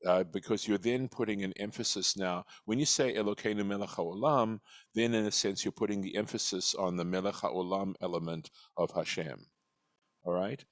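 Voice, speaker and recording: Deep-voiced man teaching a text class. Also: fairly even intonation, moderate pace, no room sound. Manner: reflective and patient, with frequent restarts. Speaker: teacher leading a weekly text study class. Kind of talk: explanatory teaching with discussion.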